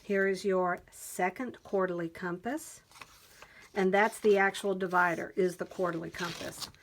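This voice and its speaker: In a fairly low voice with fairly even intonation, this woman walks viewers through a new planner at an unhurried pace, with slight background noise. She is enthusiastic and chatty, describing every page and reading quotes out loud.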